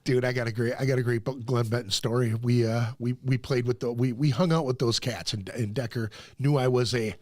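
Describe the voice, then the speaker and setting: A man's voice: medium pitch, brisk, few pauses, no echo. A man hosting a podcast in loose, profane chat. He tells his stories with lots of energy and jumps into the voices of the people in them. The sound is close and dry. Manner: profane, animated storyteller acting out quoted voices. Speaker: podcast host. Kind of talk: casual storytelling chat.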